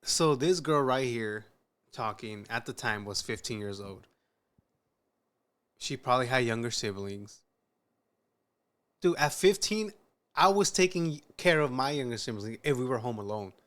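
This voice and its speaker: A man's voice: medium pitch, expressive, measured pace, pauses often, fairly bright tone. A man reacts to a clip in loose, casual commentary, swearing easily and calling everyone dude and bro. His tone stays laid-back and conversational. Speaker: reaction host.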